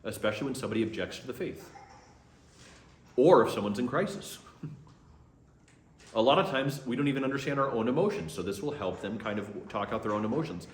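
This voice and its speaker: A man's voice: mid-range voice, expressive, a little fast, pauses often. A man, a priest, teaching a class in a conversational way and acting out sample conversations. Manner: conversational, acts out sample dialogue. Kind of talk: lecture to a class. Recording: echoey room.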